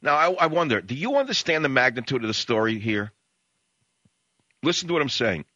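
Animated, ranting male radio host. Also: medium pitch, fairly quick, no echo, muffled recording. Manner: combative, ranting, rhetorical questions. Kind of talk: opinionated radio monologue.

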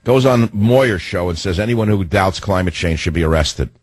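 A man hosting a political talk radio show, ranting sarcastically and mocking people with nicknames as his pitch jumps up and down. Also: lively intonation, moderate pace, breathy edge, dry recording.

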